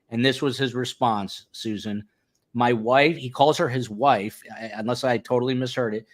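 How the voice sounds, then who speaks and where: A man's voice: medium pitch, normal speed. A man hosting a live stream, reading viewer comments aloud and talking them over in a loose, casual way with many fillers. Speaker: host.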